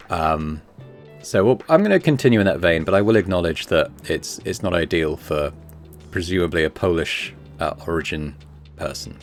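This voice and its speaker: A man hosting a relaxed gameplay video, muttering to himself as he decides. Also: deep voice, a little fast, gravelly, soft background music. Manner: laid-back, muttering to himself while deciding. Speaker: gaming channel host.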